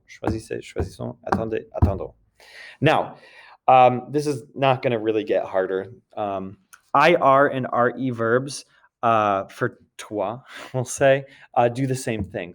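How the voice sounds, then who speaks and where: A man teaching a recorded grammar lesson, patiently repeating points and checking in with his students as he goes. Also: medium pitch. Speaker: French teacher.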